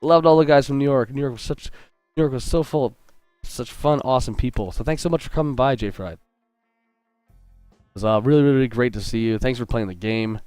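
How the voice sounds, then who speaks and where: A man's voice: medium pitch, fairly quick, darkish tone, clean tone, dry recording, studio quality, soft background music. A man hosting a live drawing stream as a game artist, chatty and upbeat, greeting viewers and joking as he sketches. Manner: joking and self-interrupting. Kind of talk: casual livestream chat while drawing.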